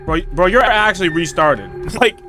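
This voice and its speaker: A young man commentating a horror game he is playing, loud, profane and joking as he talks back at it. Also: high voice, lively intonation, moderate pace. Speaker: gaming streamer. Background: game music.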